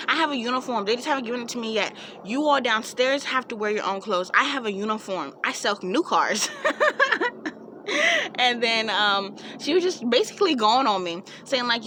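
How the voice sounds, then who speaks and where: A young woman vlogger telling a storytime tale in a sassy, animated way, with laughing asides. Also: mid-range voice, brisk, background noise. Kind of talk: storytime vlog.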